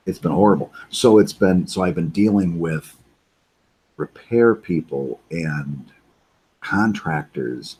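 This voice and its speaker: A middle-aged man with a low, husky voice talks loosely over a live drawing stream. He rambles, doubles back on his words and reads chat messages aloud between thoughts. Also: darkish tone. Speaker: webcomic artist livestreaming. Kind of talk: casual livestream chat while drawing. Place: home studio.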